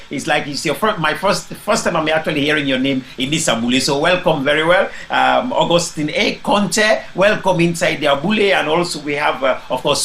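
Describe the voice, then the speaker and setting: A man's voice: fairly high pitch, pushed and bright, a little hiss or hum. A man from Leone, hosting a live online discussion, greeting listeners by name with plenty of ums and restarts. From Sierra Leone. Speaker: host.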